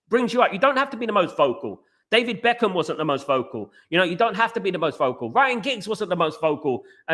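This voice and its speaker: A young man hosting a live chat show, talking fast with lots of fillers and repeats, reading out viewer comments. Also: fairly high pitch. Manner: rapid, animated, repeats himself, lots of fillers. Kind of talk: casual live-stream chat.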